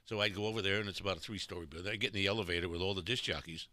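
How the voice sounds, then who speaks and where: A man's voice: low voice, rapid-fire, dry recording. An older man hosting a radio show, telling jokey stories in casual studio chat. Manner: animated storyteller, jokey. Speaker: radio host.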